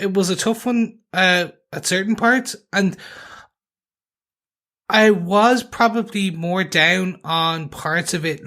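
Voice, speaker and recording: A man's voice: sits high, sharp tone. A man co-hosting a TV review podcast in casual chat, joking and self-deprecating as he rambles. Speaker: podcast co-host.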